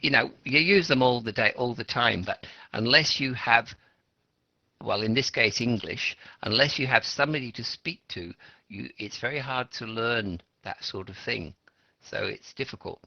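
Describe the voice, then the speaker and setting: A man's voice: mid-range voice, moderate pace, vocal fry, pushed and bright, dry recording. A middle-aged Australian man teaching an English class, explaining patiently and asking students questions. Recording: lo-fi classroom recording.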